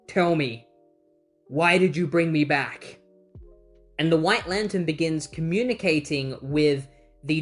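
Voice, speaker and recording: A chatty comic book reviewer walks through a story arc in a relaxed, conversational way, adding quick personal asides. Faint music plays underneath the voice. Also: mid-range voice. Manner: chatty, summarizes plot with asides. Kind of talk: casual retrospective narration.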